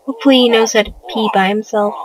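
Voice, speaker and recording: A woman's voice: fairly high pitch, slight background noise, low-quality recording. A young woman hosting a casual let's play, commenting on her game, often exasperated and cursing at the characters she controls. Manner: exasperated, swears a lot, scolds the game characters. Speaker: gaming channel host.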